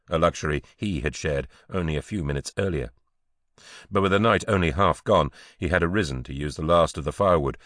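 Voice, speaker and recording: Very deep male audiobook narrator. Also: fairly bright tone, no room sound, studio quality. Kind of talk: scripted narration.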